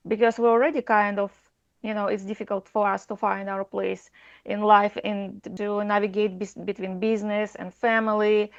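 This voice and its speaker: Gravelly-voiced woman hosting a podcast. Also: mid-range voice, no room sound, dull audio. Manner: hesitant, many fillers, non-native phrasing. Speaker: podcast host. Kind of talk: casual podcast chat.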